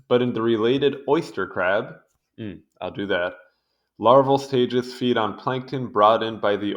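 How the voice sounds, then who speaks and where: A young man with a fairly low voice reads through an encyclopedia page in a loose, casual way. He keeps wandering off into amused side comments. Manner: rambling, easily sidetracked, amused asides. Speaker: video host reading a wiki article. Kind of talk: casual read-along commentary.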